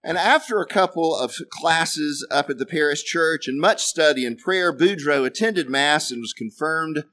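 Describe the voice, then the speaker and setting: A man's voice: fairly high pitch, lively intonation, normal speed, sharp tone. A man preaching to a congregation, telling a joke with dry, self-deprecating asides. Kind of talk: storytelling a joke in a sermon.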